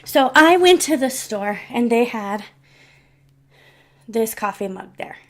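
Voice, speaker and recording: Chatty woman vlogger, slightly high voice. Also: expressive, slow, a bit bright. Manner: rambling, heartfelt, with many restarts and asides. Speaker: vlogger telling personal stories. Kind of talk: casual storytelling to camera.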